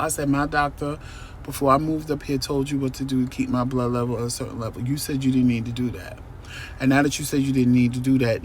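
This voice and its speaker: A man's voice: mid-range voice, slight background noise. A man telling a personal story to his viewers in a casual, emphatic vlog from a parked car. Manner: animated, emphatic, talks to viewers directly. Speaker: vlogger.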